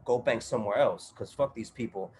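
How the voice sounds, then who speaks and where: A man's voice: mid-range voice, fairly quick, darkish tone, a little hiss or hum. A man guest on a podcast, telling a story in casual chat, full of profanity, street slang and fillers.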